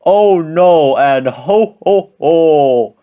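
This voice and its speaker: A man voicing a jolly old Santa Claus in a storybook reading, drawing his words out slowly. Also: fairly high pitch, animated, clear, resonant tone, phone-quality sound. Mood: merry. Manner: slow, drawn-out exclaiming.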